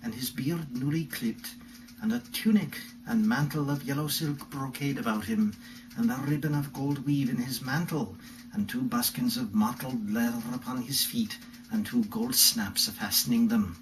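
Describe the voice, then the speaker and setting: A man's voice: medium pitch, moderate pace, recorded from a distance, noisy background, natural voice. A man reading a medieval tale in a put-on Welsh accent, reciting long descriptive lists in a rhythmic, ornate way. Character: medieval Welsh storyteller man recounting an adventure.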